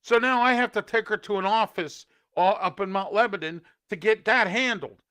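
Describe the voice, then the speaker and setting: Male show host from the Pittsburgh area, scolding opinion rants, high-pitched with a sharp edge. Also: moderate pace. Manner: ranting, indignant, scolding.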